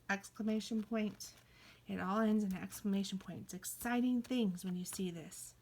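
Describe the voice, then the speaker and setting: A woman teaching a kindergarten reading lesson, playful, slipping into high excited cries and soft whispers. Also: normal speed.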